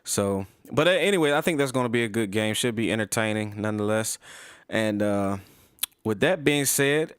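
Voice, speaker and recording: A man hosting a sports podcast, wrapping up in a relaxed, wry way. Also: fairly low pitch, moderate pace, clear, resonant tone, dry recording, studio quality. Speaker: podcast host. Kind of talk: casual podcast sign-off.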